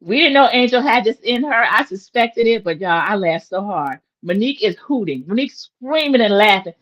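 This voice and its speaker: A woman's voice: a little high, lively intonation, a little fast, a bit bright, muffled recording. A woman in her forties chatting opinionatedly as she recaps a reality TV episode for her viewers. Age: 40s. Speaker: recap host.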